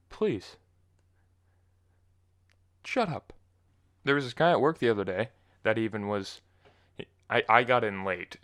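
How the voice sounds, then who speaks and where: Young male podcast host, lower voice, loose solo rant full of restarts and annoyance. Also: fairly bright tone. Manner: rambling, exasperated ranting with restarts. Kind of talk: casual solo monologue.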